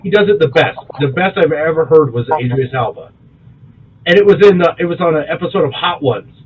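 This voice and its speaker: A man co-hosting a podcast in loose, profane casual chat, animated and quick to laugh. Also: a little high, slightly rough, muffled recording. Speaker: podcast co-host.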